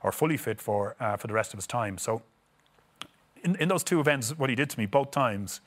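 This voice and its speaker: Animated Irish man telling stories. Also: medium pitch, a little fast. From Ireland. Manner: animated, chuckling anecdotes. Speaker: guest, former footballer. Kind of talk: casual storytelling.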